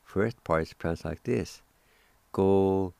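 A radio host with a low, slightly mellow voice teaches language vocabulary, spelling words and sounding them out syllable by syllable. He's slow, careful, patient and encouraging with listeners, and there's no echo.

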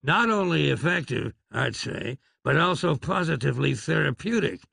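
A man's voice: on the high side, animated, moderate pace, creaky, pushed and bright, husky, no echo, clean studio sound. A man reading an audiobook in a wry, dryly humorous manner. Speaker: narrator.

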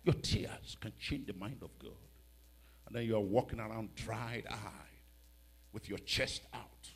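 In a church, a West African-accented man delivers a sermon with dramatic, mocking flair, going quiet and then shouting. He has a lowish, gravelly, husky voice and takes his time.

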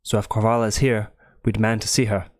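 A man playing a stern gentleman who formally demands answers in a tabletop game. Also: on the low side, flat delivery, quick pace, dry recording, studio quality, close to an everyday voice.

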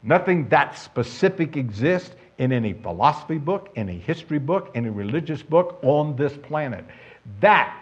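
A man's voice: on the high side, lively intonation, normal speed, husky. A man preaching a sermon, emphatic and conversational, putting questions to his listeners. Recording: dull lo-fi sound.

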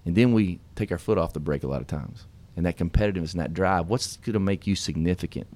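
Man, middle-aged, very low voice, earnest, folksy, animated radio talk. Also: fast. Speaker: radio show host. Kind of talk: casual storytelling and motivational talk.

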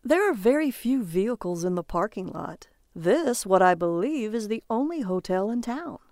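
A woman voicing a wry, deadpan male traveler in a noir audio story, in close to her own voice. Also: mid-range voice, normal speed, no room sound, lightly acted.

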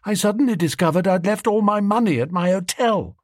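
A man voicing a vague, muddled young gentleman who talks in a flustered, stammering way. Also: sits high, expressive, fairly quick, dry recording, clean studio sound, pitched above the performer's own voice.

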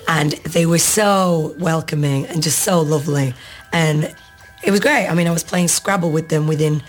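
A woman with a notably low voice talks through an interview in a loose, chatty way, often breaking into laughter. Faint music runs softly underneath her. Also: moderate pace. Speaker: actress guest. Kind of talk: casual interview.

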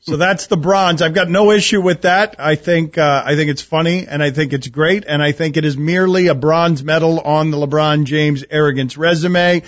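A man's voice: a little high, normal speed, hardly any pauses, dry recording. A man hosting a sports talk radio show, wry and teasing, chuckling through his commentary. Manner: wry, teasing, laughing at his own jokes. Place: radio studio. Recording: dull radio studio sound, dry.

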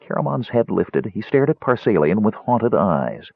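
A male audiobook narrator with a low, husky voice that rises and falls a lot as he tells the story. His delivery is measured and expressive. The recording is dry and slightly dull. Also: no echo.

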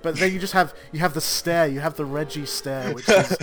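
A man's voice: a little high, fairly quick, music in the background. A man hosting a podcast, joking and rambling in casual chat with frequent laughter. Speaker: podcast host.

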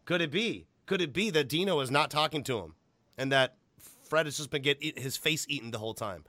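A man hosting a podcast in loose, casual chat, excitable and profane, breaking into loud laughs. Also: on the high side, brisk, no echo. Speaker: podcast host.

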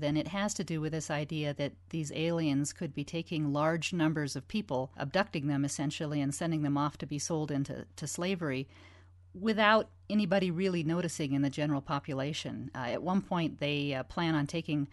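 A woman with a notably low voice speaks as a forum moderator, enthusiastic and articulate in casual review chat. The recording is dry and close. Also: brisk, no room sound.

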